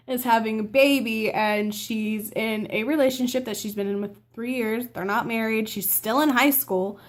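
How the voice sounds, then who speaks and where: A teenage vlogger recounts a personal story to camera in a steady, somewhat high voice at a moderate pace. She chats casually and rambles with fillers and restarts, acting out her family members' words in quotes.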